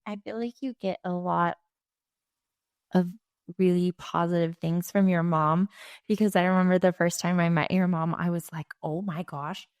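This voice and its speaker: A woman hosting a podcast, speaking in a measured, sincere way with long reflective sentences. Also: on the low side, fairly even intonation, darkish tone, smooth, no echo. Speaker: podcast host. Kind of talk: warm conversational interview.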